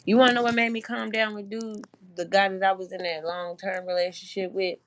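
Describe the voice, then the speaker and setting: A woman's voice: mid-range voice, little pitch movement, fairly quick, slight background noise. A woman guest in casual chat, telling personal stories in an earnest, reflective way. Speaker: podcast guest.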